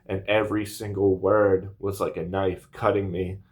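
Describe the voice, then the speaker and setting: A man's voice: sits low, little pitch movement, normal speed, a little mellow. A man in his thirties telling a personal story to camera in a rambling, earnest way, full of fillers and restarts, a little emotional. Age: 30s. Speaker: vlogger.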